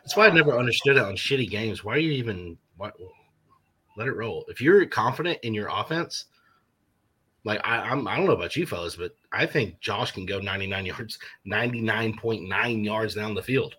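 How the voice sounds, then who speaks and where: A blunt man in a casual sports chat, cursing freely. His low voice is husky yet forceful, with a sharp edge to it. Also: lively intonation, brisk.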